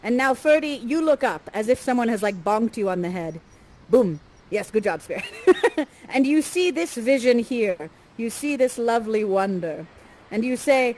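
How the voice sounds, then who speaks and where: A woman's voice: on the high side, moderate pace, a little mellow, poor audio. A woman acting as guide and father figure in improvised interactive theatre, chatty, playful and encouraging. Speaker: actor guiding players as Prospero.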